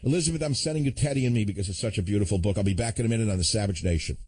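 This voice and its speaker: A man's voice: fairly low pitch, very fast, a little mellow, breathy edge. A man hosting a call-in radio show, talking in a combative, sardonic way with chuckling asides. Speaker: radio talk show host.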